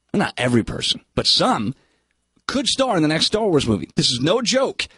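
A high, slightly husky man in his thirties with a St. talks showbiz on a radio show. He's excitable and jokey, always riffing. The sound is dry and close, with music playing behind him. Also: no echo. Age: 30s. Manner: excitable, jokey, quick to riff. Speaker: movie and showbiz guest. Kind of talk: casual radio banter. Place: radio studio.

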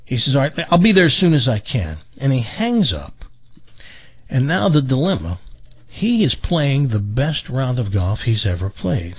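A man's voice: medium pitch, normal speed, husky. A man hosting a radio show, telling a long joke and acting out the voices of its characters. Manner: animated storyteller, acts out voices. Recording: dull lo-fi radio broadcast.

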